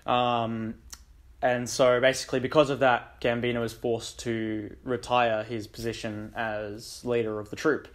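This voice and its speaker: A young man who hosts a book discussion channel casually recaps a story in a mid-range, flat voice, going a little slowly. His retelling rambles and is packed with ums and likes.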